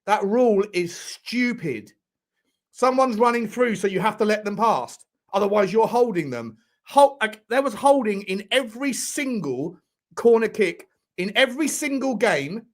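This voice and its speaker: A young man hosting a live football watchalong, furiously ranting and swearing at the referee. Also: high-pitched. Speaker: football fan channel host.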